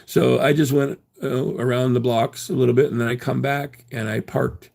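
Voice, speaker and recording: A man's voice: mid-range voice, steady tone, moderate pace, creaky, darkish tone. A man telling a story casually on his livestream, rambling with many fillers and restarts.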